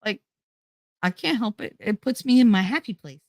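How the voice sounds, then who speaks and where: A woman with a West Indian accent, hosting a casual podcast and telling stories in an animated, profane way, mocking people in put-on voices. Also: fairly high pitch, moderate pace, dry recording, studio quality. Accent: West Indian, thicker when angry. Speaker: podcast host. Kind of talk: casual storytelling rant.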